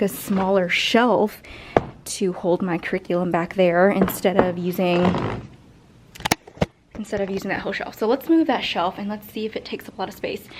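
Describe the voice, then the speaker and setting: Young teacher lady a bit out of breath, chatty, thinking out loud while moving stuff around her classroom. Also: mid-range voice, a little hiss or hum. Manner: thinks aloud while rearranging, chatty with fillers. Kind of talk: casual vlog narration. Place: empty classroom.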